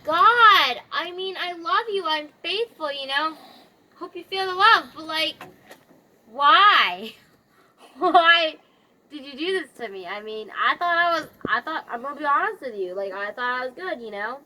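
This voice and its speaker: A suffering, faithful man who talks earnestly and casually as he pleads with God, as a woman puts him on. The voice is high and bright. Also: animated, fast talker, hardly any pauses. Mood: pleading.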